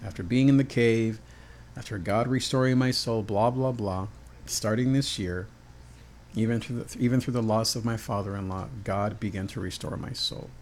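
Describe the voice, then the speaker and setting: A man's voice: fairly low pitch, steady tone, normal speed, darkish tone. A man preaching a heartfelt devotional sermon on his podcast in an earnest manner.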